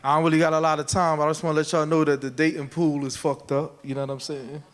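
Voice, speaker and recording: A man's voice: on the high side, little pitch movement, fast talker. A man telling crude, casual stories in a stand-up set on a handheld mic. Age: 40s. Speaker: stand-up comedian. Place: comedy club stage.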